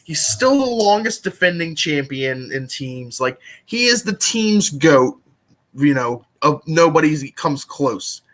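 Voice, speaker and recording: Speaking slowly yet with a lot of animation, this young man co-hosts a live podcast in a fairly high, somewhat bright voice. The casual conversation concerns a trivia competition, and he meanders through it, leaning heavily on "like."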